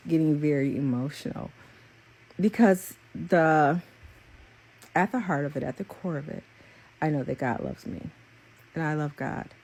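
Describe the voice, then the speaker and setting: A young woman with a low, husky voice talks through a spiritual message as a psychic reader. She rambles and repeats herself, earnest and openly emotional, in a loose confessional chat. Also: a little mellow. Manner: earnest, rambling and repetitive, with many fillers.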